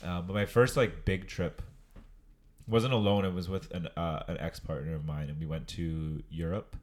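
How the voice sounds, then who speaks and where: A man's voice: sits low, fairly even intonation, normal speed. A man co-hosting a podcast, telling travel stories in a laid-back, casual way with some swearing. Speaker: podcast co-host. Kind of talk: casual chat.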